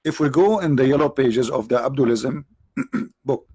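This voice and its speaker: A man's voice: mid-range voice, lively intonation, moderate pace, dark tone, husky, no room sound. Sarcastic man with a tired voice. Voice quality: non-native English phrasing. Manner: sarcastic, mocking, rhetorical questions. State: tired voice, clearing throat. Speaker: livestream host. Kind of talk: mocking debate commentary.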